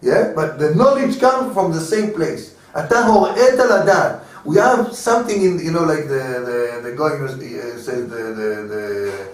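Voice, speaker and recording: A rabbi with a Hebrew accent teaches an informal class in English, stopping and repeating words as he hunts for terms and chuckling often. His male voice sits a little high. He sounds far from the mic in a very echoey room. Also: big pitch swings, normal speed, few pauses. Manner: chuckles often while explaining. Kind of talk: informal Torah lecture.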